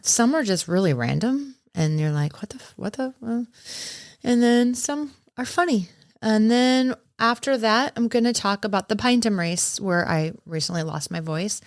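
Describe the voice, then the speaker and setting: A woman hosting a running podcast on her own, hoarse after losing her voice, talking in a chatty, enthusiastic way with casual swearing. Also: mid-range voice, dry recording, studio quality. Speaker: podcast host and race director. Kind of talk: casual solo podcast talk.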